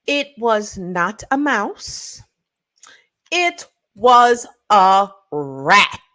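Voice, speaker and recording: A woman's voice: mid-range voice, very animated, very slow, bright, forceful tone. A woman co-hosting a casual podcast, telling stories animatedly with playful sound effects. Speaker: podcast co-host. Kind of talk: casual chat.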